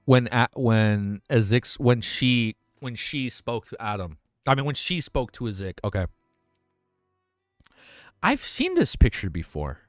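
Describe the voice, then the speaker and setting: A young man hosting a late-night livestream, reacting to artwork in a casual, excitable way with plenty of swearing, his voice tired and worn out. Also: medium pitch, measured pace, no echo, clean studio sound, faint music behind. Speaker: livestream host.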